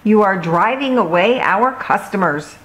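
A woman voicing Tilly, a carefree female shopkeeper, in a slow storybook reading. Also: medium pitch, lively intonation, fairly bright tone, poor audio.

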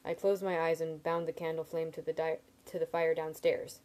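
A woman reading a novel aloud in steady first-person narration, with small slips and restarts. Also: deep voice. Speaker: reader.

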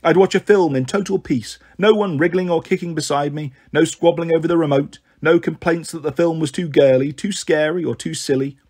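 A man narrating a children's novel in a steady first-person reading. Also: a little high, fairly quick, few pauses, slightly rough. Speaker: storyteller.

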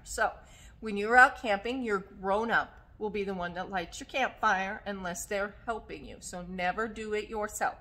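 A woman librarian leading a children's story time, singing songs and speaking slowly and animatedly to small children. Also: mid-range voice. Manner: slow, sing-song and animated for small children; coughs now and then. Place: public library.

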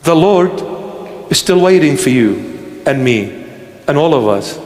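Brief: male bishop, slow and pleading sermon, high voice, long reverb. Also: animated. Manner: slow, pleading and repetitive, sometimes shouting.

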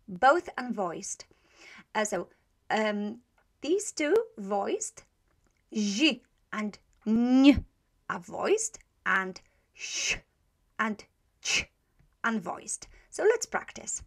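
A woman's voice: mid-range voice, lively intonation, takes it slowly, creaky, long pauses, a bit bright. A woman teaching a pronunciation lesson. She demonstrates each sound patiently and repeats it several times, with frequent hesitations. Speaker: language teacher.

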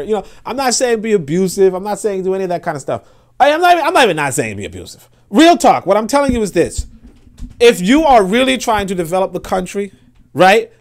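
A man reads an article aloud and breaks off into heated, profane commentary. He talks emphatically, restarting and repeating phrases as he pushes his point, and his voice sits somewhat high for a man. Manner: impassioned, profane, repeats himself often. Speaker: political commentator. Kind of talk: livestream commentary reading and reacting to an article.

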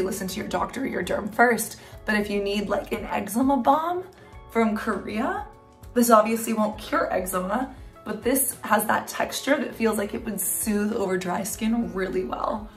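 A woman's voice: mid-range voice, vocal fry. A woman talking to the camera in a casual skincare vlog, chatty and rambling as she tests products, tired and a bit loopy late at night. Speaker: skincare creator.

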